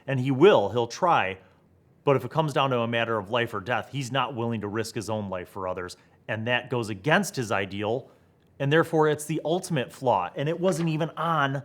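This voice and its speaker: Excited man musing to camera. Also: medium pitch. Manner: excited, thinks aloud, rhetorical questions. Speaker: tabletop gaming video host. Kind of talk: animated solo talk to camera.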